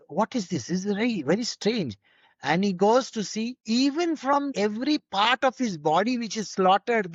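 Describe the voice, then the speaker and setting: A man's voice: high-pitched, dry recording, dull audio. A man giving an informal spiritual teaching, conversational and full of rhetorical questions.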